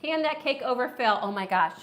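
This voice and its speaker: A woman's voice: on the high side, expressive, brisk. A woman hosting a casual live-stream food review, chatty and enthusiastic, reading viewer comments aloud.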